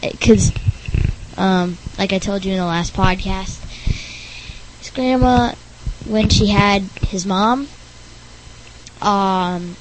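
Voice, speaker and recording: A woman's voice: medium pitch, darkish tone, slight background noise, poor audio. A woman hosting a playful homemade podcast, goofy and teasing. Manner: goofy, teasing, slow-talking. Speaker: podcast host.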